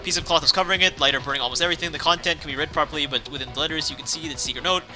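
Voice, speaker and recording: A man's voice: a little high, steady tone, very fast, bright, forceful tone, faint music behind. A young man casually playing through a visual novel, reading the text aloud, rambling, correcting himself and laughing often. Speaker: let's play host.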